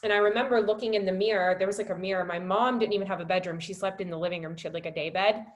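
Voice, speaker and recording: A woman's voice: steady tone, rapid-fire. Emotional storytelling woman, filler-heavy. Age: 20s. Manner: rises high and loud when reliving moments. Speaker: wellness coach. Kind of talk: personal testimony on a webinar.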